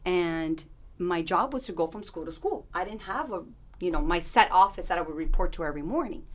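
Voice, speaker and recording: A woman's voice: fairly low pitch, lively intonation, a little fast. A woman in her thirties, an interview guest, telling a personal story in an earnest, candid way, with restarts and asides.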